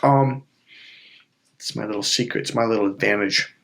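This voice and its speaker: A man hosting a self-help video, telling stories in a casual, animated way with frequent swearing. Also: fairly low pitch, normal speed, vocal fry. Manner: animated storytelling with swearing and acted-out quotes. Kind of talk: casual motivational talk.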